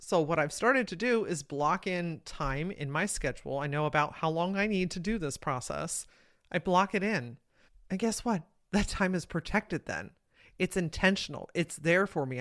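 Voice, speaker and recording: A woman's voice: on the low side, a bit bright, no echo, studio quality. A woman hosting a solo podcast, speaking with energy and emphasis in a casual, motivational style and swearing now and then. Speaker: podcast host and coach.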